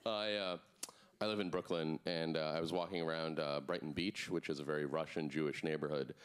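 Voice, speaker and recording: A man doing a stand-up comedy set on a club stage, deadpan with sudden put-on voices in his bits. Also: a bass voice, brisk, smooth.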